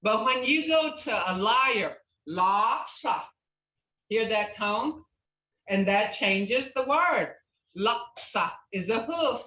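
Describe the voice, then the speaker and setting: A woman teaching a language class, patiently repeating words slowly to model pronunciation. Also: a little high, expressive, bright, forceful tone. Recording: roomy, distant, dull lo-fi classroom recording.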